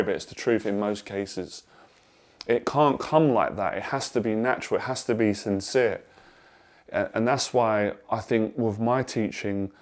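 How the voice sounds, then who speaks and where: Man, slightly low voice, dating and confidence coach, earnest direct-to-camera advice, emphatic repetition. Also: a little mellow. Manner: earnest and emphatic, repeats phrases for stress.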